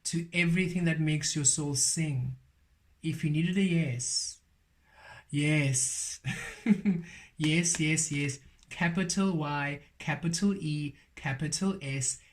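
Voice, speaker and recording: Tarot reader, male, fairly high voice, unhurried emphatic delivery, repeats affirmations. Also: a little hiss or hum. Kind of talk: spiritual card reading.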